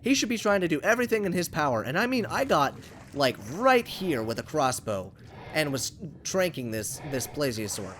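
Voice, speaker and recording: A young man casually commenting on his gameplay for viewers, excitable and rambling, talking to the creatures he meets. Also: a little high, normal speed, slight background noise. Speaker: gaming channel host. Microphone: USB condenser microphone.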